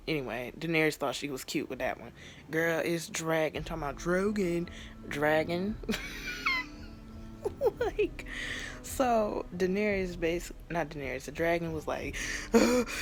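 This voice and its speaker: A vlogger giving a casual, exasperated take on a TV finale, acting out the characters and laughing often. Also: mid-range voice. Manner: animated, exasperated, acts out scenes; frequent laughter. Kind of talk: casual TV reaction chat.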